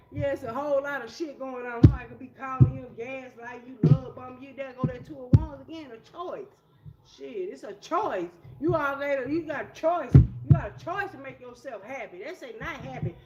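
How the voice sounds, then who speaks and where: A woman doing a casual tarot reading in a blunt, profane, streetwise way. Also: high voice. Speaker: tarot reader. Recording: echoey room with loud music.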